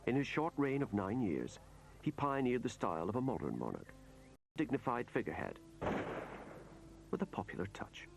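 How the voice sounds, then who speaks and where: A man reading scripted documentary narration in a measured voice. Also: mid-range voice, sing-song, creaky, background noise. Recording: narration over loud music.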